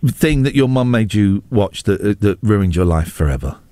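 A man's voice: on the low side, expressive, warm tone, no echo. A man presenting a radio show in casual banter, teasing his co-hosts and a caller with a playful, joking manner. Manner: teasing, playful, quick to joke.

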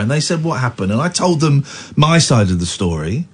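Husky man, lively storytelling. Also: on the high side, brisk. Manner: emotional, animated retelling with restarts. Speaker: radio host. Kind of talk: candid storytelling chat.

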